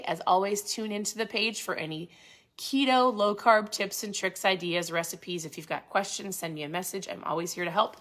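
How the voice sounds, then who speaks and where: Upbeat bright-voiced woman host. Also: on the low side. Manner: upbeat, animated, motivational. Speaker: host of a keto lifestyle channel. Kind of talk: casual book discussion.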